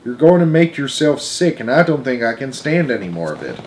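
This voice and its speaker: A man's voice: mid-range voice, very animated, fairly quick, a little hiss or hum, lightly acted. A man reading a tender worried mother. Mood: pleading. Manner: soft, soothing, sorrowful. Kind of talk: storybook read-aloud.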